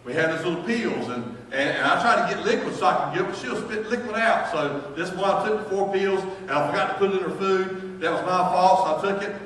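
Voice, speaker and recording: A pastor preaches with animated swings between loud bursts and soft asides, his voice high and bright. He is caught from across the room, so his words ring through a long, echoing church hall with a faint hum of the room behind. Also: fairly quick, hardly any pauses. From North Carolina, US. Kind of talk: sermon. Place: church sanctuary. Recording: echoey church hall, from far off.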